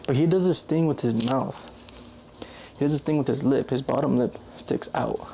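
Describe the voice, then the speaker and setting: A man's voice: mid-range voice, moderate pace, vocal fry, mellow, a little hiss or hum. A young man vlogging in a loose, rambling way, correcting himself often and filling gaps with "like". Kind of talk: casual rambling monologue.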